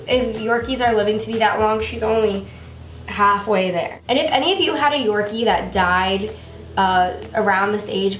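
A woman's voice: mid-range voice, a bit bright, echoey room, far from the mic. A young woman vlogger chatting in a gushing, rambling way about her pet, with many fillers, recorded on a camera at home.

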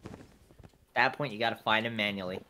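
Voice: mid-range voice, steady tone, fairly quick. A friend bantering casually and sarcastically about another player's gameplay, often laughing. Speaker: friend watching the run. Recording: loud background noise and clicks.

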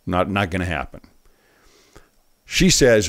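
A man giving earnest, emphatic commentary on a political speech clip, pausing it to preach his point. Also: fairly low pitch, expressive. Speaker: online commentator.

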